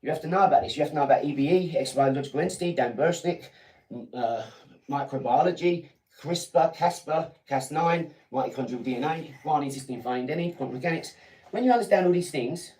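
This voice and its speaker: A man's voice: on the high side, a little fast, a little mellow. An English man in his forties from England, hosting a live stream and lecturing viewers in a combative, talking-down way at home. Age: 40s. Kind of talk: ranting live-stream monologue. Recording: echoey room, mic at a distance.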